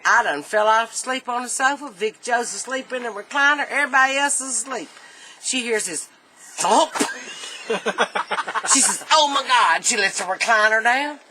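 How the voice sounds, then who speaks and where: A woman's voice: a little high, moderate pace, background noise. Woman laughing through a story. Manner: laughing often, lively dialect storytelling. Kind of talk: casual family anecdote.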